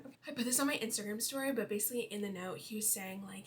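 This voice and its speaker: A woman's voice: mid-range voice, very fast, few pauses, a little hiss or hum. A woman in her twenties chatting casually about her life while doing her makeup, full of fillers. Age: 20s. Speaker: beauty vlogger.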